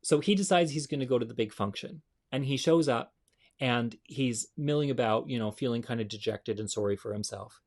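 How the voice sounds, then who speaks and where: A man's voice: medium pitch, fairly quick. A man hosts a comedy show, telling jokes in a chatty, self-mocking style. He talks to the audience directly and laughs off his own bad jokes.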